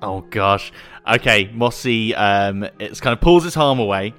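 A man's voice: fairly low pitch, lively intonation, measured pace, a bit bright, faint music behind. A man playing in a tabletop role-playing game, flustered and laughing with frequent exclamations. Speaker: player. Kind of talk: tabletop role-play chat.

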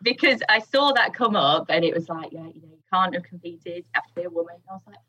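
A woman's voice: on the low side, lively intonation, fast talker, pushed and bright, slightly rough. A woman guest on a podcast, chatting casually with frequent laughs and fillers. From England. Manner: giggly, hesitant with fillers. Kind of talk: casual chat.

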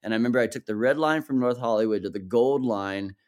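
A man in casual conversation, telling loose stories with lots of swearing and laughter. His voice sits in a middle register. He keeps slipping into quick impressions of the people in his stories. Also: mid-range voice. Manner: animated, swearing, laughing, acting out quotes. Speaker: podcast guest, musician. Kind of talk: casual storytelling chat.

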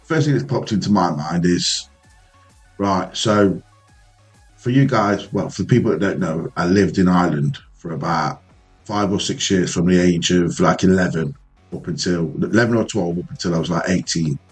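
A man co-hosting a casual podcast, telling an animated, heavily sweary story about his youth. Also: low-pitched, moderate pace, soft background music. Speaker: podcast co-host.

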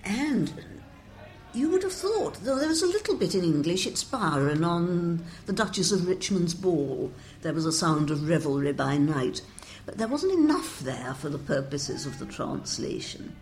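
Older woman, low voice, translator, wry and rambling, interview answers. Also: very animated, normal speed, few pauses, a little mellow. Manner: discursive and wry, quoting verse with relish.

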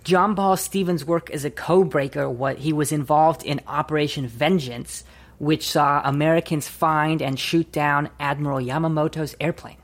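A man's voice: a little high, steady tone. Man, podcast co-host, eager trivia contestant, confident, casual chat. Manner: eager, confident, quick to answer.

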